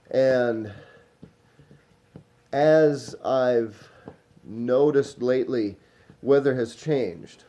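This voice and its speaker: Guy, loose rambling vlog monologue, warm low-key tone, drifts and trails off. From Minnesota. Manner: meandering, smoking while talking, trailing off. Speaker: vlogger.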